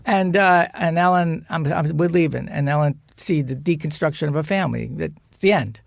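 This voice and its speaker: An older man telling an animated family anecdote on a podcast, acting out shouting relatives. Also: on the high side, moderate pace, vocal fry, no room sound. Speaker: podcast guest. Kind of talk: storytelling anecdote.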